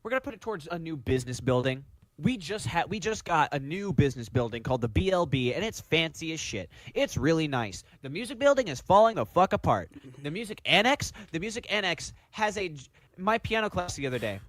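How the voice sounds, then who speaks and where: Young guy, high lively voice, dry close mic, casual podcast storyteller. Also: a little fast, no room sound. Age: young adult. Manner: animated storyteller, mimics people in high voices. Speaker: podcast co-host, music student. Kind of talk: casual chat.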